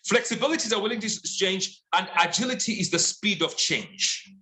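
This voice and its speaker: A man's voice: sits high, animated, fairly quick, pushed and bright, reverberant, poor audio. A man from Zambia, giving a motivational sales training talk with emphatic, repetitive exhortations. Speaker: sales and leadership trainer, guest speaker.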